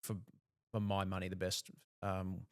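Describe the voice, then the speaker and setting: A low, gravelly Australian man in his thirties, chatting loosely on a podcast. He rambles and restarts his sentences often. The close mic sounds dry, with no room around his voice. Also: monotone, a little slow, no echo. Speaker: guest, TV journalist. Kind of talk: casual podcast chat.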